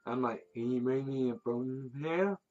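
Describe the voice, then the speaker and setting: A man's voice: mid-range voice, brisk, darkish tone. A man in casual banter, joking crudely and swearing, and calling himself a bit mumbly. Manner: joking, profane, says he is mumbly. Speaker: podcast co-host. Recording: dull lo-fi sound.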